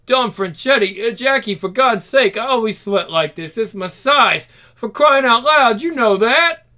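A man's voice: very high voice, animated, a little slow, bright, forceful tone, pitched above the performer's own voice, full character voice. A man voicing a heavy, nervous male mob underling who talks in a flustered, pleading way.

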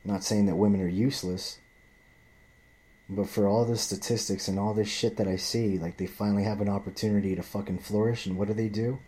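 A man's voice: fairly low pitch, steady tone, brisk, warm tone. A man ranting in a profane, rambling monologue, often restarting and repeating himself.

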